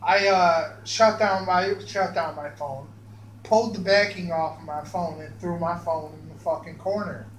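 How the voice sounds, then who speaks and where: A man's voice: sits high, unhurried. A man telling a rambling personal story, profane and stammering, with many restarts. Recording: echoey room with faint hum.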